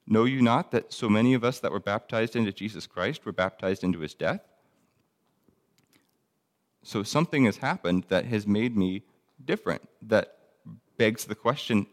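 Man, low voice, casual Bible teacher reading and explaining verses, reverberant hall. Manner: conversational, reads scripture aloud, frequent ums and restarts.

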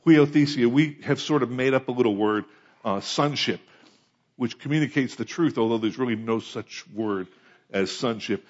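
Muffled audio captures an American pastor with a medium-pitched voice speaking at a normal pace. He preaches in a conversational way, often turning questions to his listeners.

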